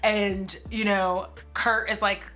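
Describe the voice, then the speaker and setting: A woman's voice: mid-range voice, level tone, takes it slowly, pushed and bright, faint music behind. A woman in her forties giving a casual, sarcastic movie recap, with lots of "like" and some swearing. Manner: chatty and sarcastic, heavy use of "like", swears freely. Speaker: movie commentary streamer.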